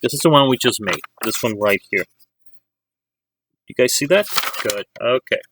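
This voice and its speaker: A man's voice: mid-range voice, lively intonation, normal speed, noisy background. A man teaching a drawing lesson, walking students through each step in a chatty way. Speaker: art teacher.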